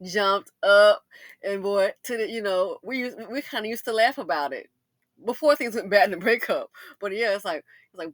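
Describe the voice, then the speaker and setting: A middle-aged woman who hosts a commentary channel tells stories in a casual monologue, speaking at a moderate pace with a mid-range voice on a dry recording. She laughs, addresses the ladies directly, and breaks into loud exclamations.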